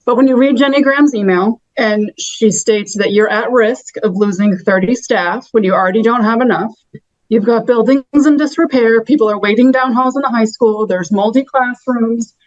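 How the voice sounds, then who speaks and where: A woman, a parent, giving earnest, halting public comment over a video call, sounding frustrated. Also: fairly high pitch, dry recording. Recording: muffled video call audio.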